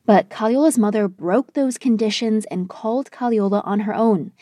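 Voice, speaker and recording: A woman news correspondent reading a scripted report in a measured, even way. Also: mid-range voice, dry recording, clean studio sound.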